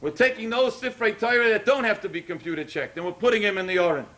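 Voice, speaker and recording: A man's voice: high voice, fast talker, a bit bright. A man speaking at a synagogue ceremony, delivering an emotional sermon that rises to emphatic peaks. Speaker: rabbi speaking at a Torah dedication.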